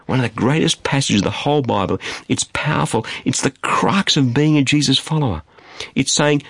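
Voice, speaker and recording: A man preaching a sermon in an emphatic, animated way, repeating phrases for stress. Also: medium pitch, moderate pace, vocal fry, dry recording. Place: studio.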